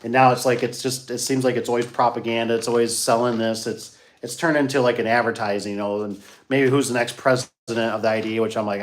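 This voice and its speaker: Speaking fast with little change in his medium-pitched voice, a garage door business owner rambles to his viewers in a folksy, repetitive way, spinning stories. He's an adult who grew up locally, and there's slight noise in the background.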